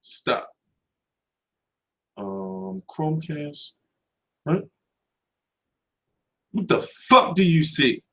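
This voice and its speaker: A man's voice: fairly high pitch, very slow, long pauses. A man hosting a boxing channel, delivering a brash, profanity-heavy rant straight to camera. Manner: brash and animated, swears constantly.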